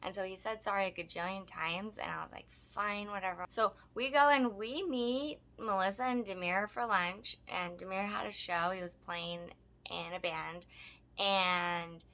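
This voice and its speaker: Woman, podcast co-host, casual storytelling, blunt, swears freely, laughs a lot, bright tense tone. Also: mid-range voice, normal speed. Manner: blunt, profane and laughing often.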